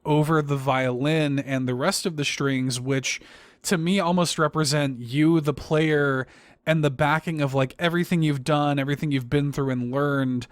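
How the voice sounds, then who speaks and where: A man co-hosting a podcast, talking in a halting, emotional way, with many restarts and fillers. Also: a little high, clear, resonant tone, dry recording. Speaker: podcast co-host. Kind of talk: casual podcast discussion.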